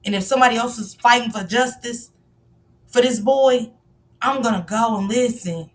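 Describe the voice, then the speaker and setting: A woman's voice: fairly high pitch, moderate pace, recorded from a distance. A woman giving passionate live-stream commentary, firing off rhetorical questions and sometimes raising her voice. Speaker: livestream commentator.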